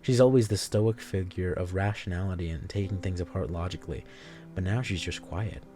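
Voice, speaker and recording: A male streamer reading a story game aloud, swearing freely and breaking off into excited reactions. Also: low voice, brisk, music in the background.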